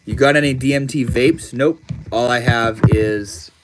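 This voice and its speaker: A man's voice: mid-range voice, unhurried, over music. Laid-back man chatting on a livestream. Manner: laid-back, slangy, greets viewers with "bro" and "man". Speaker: livestream host. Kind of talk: casual livestream chat, reading viewer comments aloud.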